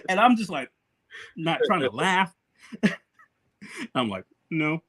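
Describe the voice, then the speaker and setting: A man hosting a podcast, telling a story in a casual, animated way, laughing often and swearing freely. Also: a little high, slow pace, breathy edge. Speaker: podcast host.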